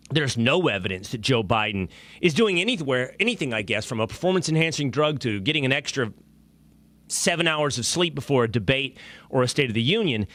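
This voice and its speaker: A male show host delivering a sarcastic, animated opinion monologue. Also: medium pitch, dry recording.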